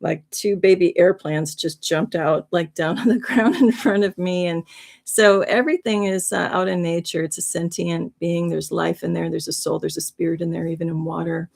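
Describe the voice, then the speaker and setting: A woman's voice: lowish voice, steady tone, normal speed, creaky, a little mellow. A woman hosting a livestream, telling a heartfelt spiritual story in an earnest, rambling way. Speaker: livestream host.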